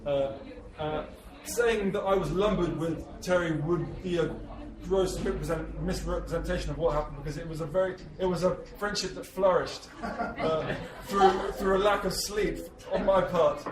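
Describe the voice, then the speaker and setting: A man's voice: on the high side, normal speed. An English man in his thirties giving a rambling, self-deprecating talk at a cafe book launch. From England. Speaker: author. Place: busy cafe. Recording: echoey cafe, distant mic, crowd.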